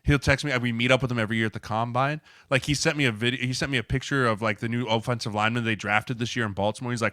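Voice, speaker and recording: A former football lineman co-hosting a podcast, telling animated stories in casual chat and acting out the quotes. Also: medium pitch, very fast, hardly any pauses, dry recording, studio quality. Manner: animated storyteller, acts out quotes.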